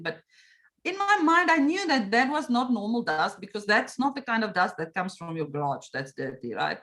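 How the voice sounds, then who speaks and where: A woman's voice: fairly high pitch, normal speed. A middle-aged woman, an interview guest telling a story and acting out her own reactions. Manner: animated, acts out her own past reactions and quotes. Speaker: meditation coach, interview guest.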